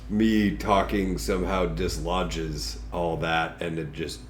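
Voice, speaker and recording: A man's voice: low voice, level tone, slow, a little hiss or hum. A man hosting a casual podcast while congested from a cold, talking in a crude, joking, rambling way. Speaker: podcast host.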